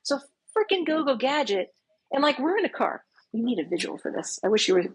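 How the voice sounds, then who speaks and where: A woman in her fifties, a podcast guest telling a dating story in a casual, animated way and acting out what she said back then. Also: high voice, brisk, slightly rough, rough recording. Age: 50s. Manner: animated, acts out her own past lines.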